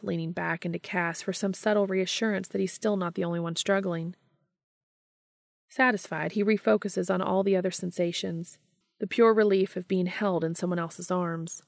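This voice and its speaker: A woman reads a romantic story aloud, her voice low and gravelly. She keeps the delivery soft and intimate, slipping into a hush for the dialogue. The recording is dry and close, with no room sound. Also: no room sound. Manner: soft, intimate reading with hushed, unvoiced dialogue. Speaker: fanfiction podcast reader. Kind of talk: narrated reading of fan fiction.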